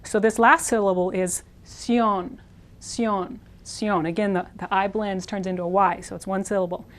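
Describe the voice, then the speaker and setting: A woman teaching a language lesson, patiently repeating words slowly and clearly, writing on a board as she goes. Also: medium pitch, fairly even intonation. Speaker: Spanish teacher. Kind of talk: classroom pronunciation lesson.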